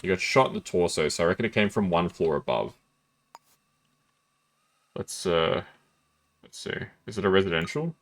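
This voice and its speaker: A man's voice: low-pitched, lively intonation, normal speed, long pauses. A man casually commenting as he streams a detective game, playful and self-deprecating, breaking into giggles.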